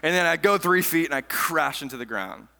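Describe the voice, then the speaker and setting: This male pastor preaches in a bright, forceful voice, telling stories animatedly and swinging between loud, eager bursts and hushed asides. His voice sits on the high side with lively intonation, a creaky texture, and normal speed, while a long reverb from a large church hall carries his words.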